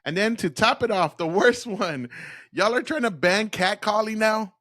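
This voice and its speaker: A man's voice: sits high, moderate pace, fairly bright tone, dry recording, studio quality. A man hosting a profane reaction video, ranting in a heated, mocking way and laughing often. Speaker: commentary video host.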